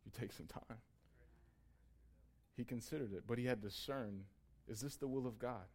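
A man's voice: mid-range voice, moderate pace, darkish tone. Conversational man preaching a sermon. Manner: conversational, building to emphatic peaks. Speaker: pastor.

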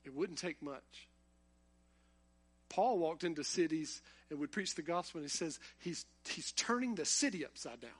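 A man's voice: on the high side, animated, moderate pace, husky. A man preaching a sermon, talking conversationally and building to impassioned emphasis.

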